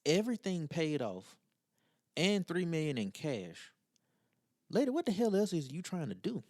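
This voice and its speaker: A man's voice: a little high, very animated, normal speed, background noise. A man co-hosting a casual podcast who reads a listener letter aloud and then chats bluntly in slang. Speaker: podcast co-host.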